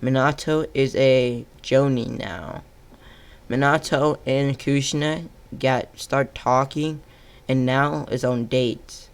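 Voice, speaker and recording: A man tells an improvised fan-fiction tale, drawn out at an unhurried pace. He stumbles and corrects himself mid-sentence, and his pitch stays in an ordinary middle range. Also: steady tone, vocal fry, smooth.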